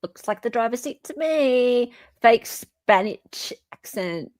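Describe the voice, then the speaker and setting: A woman's voice: on the high side, expressive, takes it slowly, a little mellow, dry recording. Woman podcaster, blunt n mocking, casual chat, dry close sound. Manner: blunt, mocking, laughs often. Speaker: podcast host.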